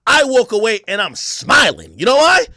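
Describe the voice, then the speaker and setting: A young man from Jamaica rants hard on a livestream, brash, profane and full of bravado. His voice sits high for a man, and the sound is close and dry with no room behind it. He swings from near shouting down to low, fast muttering. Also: very animated, no room sound. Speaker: livestream host. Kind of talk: heated ranting livestream.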